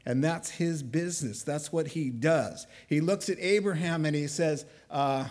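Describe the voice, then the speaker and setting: Slow-talking animated male preacher. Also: a little high. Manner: animated, acts out biblical dialogue with sarcasm. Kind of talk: sermon.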